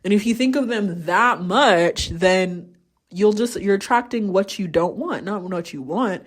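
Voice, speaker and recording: A woman's voice: medium pitch, measured pace. A young adult woman hosting a podcast, talking candidly in a casual solo monologue and swearing freely. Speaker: podcast host.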